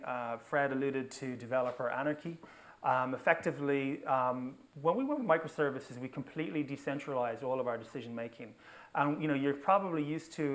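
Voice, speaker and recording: A man giving an energetic technical talk at a conference, often checking in with the audience by asking "okay?" or "right?". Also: mid-range voice. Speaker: conference speaker. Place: conference venue.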